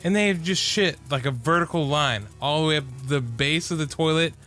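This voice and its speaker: A man co-hosting a podcast, telling a crude story in relaxed, casual chat. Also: on the high side, brisk, faint music behind. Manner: laid-back, crude humor. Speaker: podcast co-host.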